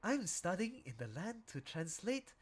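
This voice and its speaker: A man's voice: high voice, very animated, unhurried, breathy edge, voice pushed up, full character voice. A man voicing an earnest young male spotted seal who studies on land, speaking in a formal, wide-eyed way.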